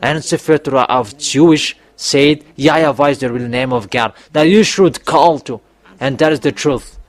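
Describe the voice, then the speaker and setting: A man preaching a sermon, emphatic and often rising to loud exhortations. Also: mid-range voice, normal speed.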